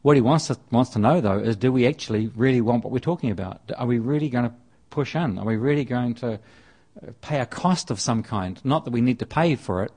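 Man, preacher, conversational sermon, repeats and restarts phrases, mid pitch. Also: brisk, few pauses, darkish tone, breathy edge. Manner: conversational, with frequent restarts and repetition.

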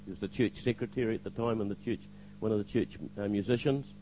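A man's voice: lowish voice, steady tone, fast talker, mellow, dull audio, a little hiss or hum. Older man telling his testimony. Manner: anecdotal, hesitant with fillers, acts out quoted lines. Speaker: church member giving testimony. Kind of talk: spoken testimony to a congregation.

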